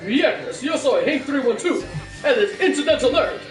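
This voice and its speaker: A man's voice: very high voice, animated, moderate pace, roomy sound, far from the mic, soft background music, voice pushed up. A man putting on the voice of a typical male wrestling announcer working in Spanish, with a hyped delivery.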